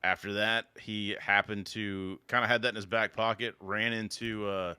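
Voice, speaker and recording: A male podcast host talks in a loose, joking way. His voice is bright and crisp. The sound is close and dry. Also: on the low side, level tone, moderate pace, no echo. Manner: laid-back, loose and joking. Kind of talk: casual chat.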